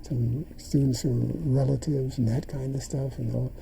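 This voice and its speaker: A man's voice: mid-range voice, level tone, normal speed, creaky, warm tone, slight background noise, poor audio. An older man in an interview, animatedly retelling events and acting out the dialogue he quotes. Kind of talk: storytelling in an interview.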